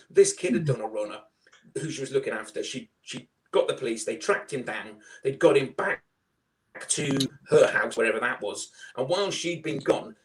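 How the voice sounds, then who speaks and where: A middle-aged man with a Liverpool accent telling his fostering story in a loud, chatty, animated way. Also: medium pitch. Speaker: foster carer guest. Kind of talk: casual storytelling.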